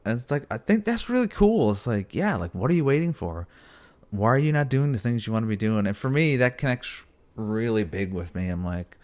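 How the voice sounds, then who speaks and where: Dude rambling bout his fave game, swears a ton, voice jumps all over, yells at his cats. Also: mid-range voice, very animated, fairly quick. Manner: swears freely, lots of fillers, scolds his cats mid-talk. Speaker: gaming vlogger. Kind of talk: casual rambling chat to camera.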